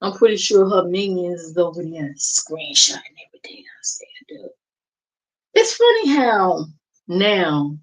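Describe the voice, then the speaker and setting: A woman's voice: fairly low pitch, lively intonation, a little slow, poor audio. A woman hosting a casual reaction livestream, gossiping and mocking in a sassy, drawling way. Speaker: livestream host. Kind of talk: casual reaction stream chat.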